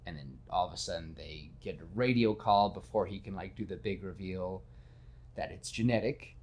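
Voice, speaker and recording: A man hosting a casual podcast, talking in an animated, self-deprecating way and slipping into quick character voices. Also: deep voice. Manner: self-deprecating, admits nervousness. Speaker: podcast host. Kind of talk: casual podcast chat retelling a film.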